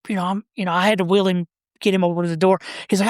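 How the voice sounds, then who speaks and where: A man, a podcast guest telling stories about his brother in a halting, rambling way. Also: high voice, steady tone, no room sound, clean studio sound. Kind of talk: casual storytelling.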